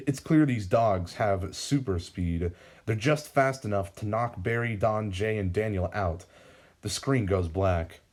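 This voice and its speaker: A young man narrating a fan-made episode script in a steady, even delivery. His voice sits on the low side, and he reads without hurry. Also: a little slow. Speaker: fan writer and reader. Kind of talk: reading a fan-written episode script aloud.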